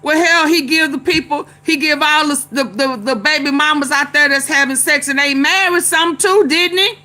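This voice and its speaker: A woman's voice: high voice, normal speed, pushed and bright. A woman vlogger giving casual, chatty political commentary, laughing often and chanting refrains.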